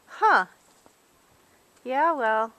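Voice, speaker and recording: A woman's voice: high voice, expressive, very slow, pushed and bright. A woman casually rambling while filming wildlife, chatting on the phone at the same time, recorded on a handheld camcorder's built-in mic.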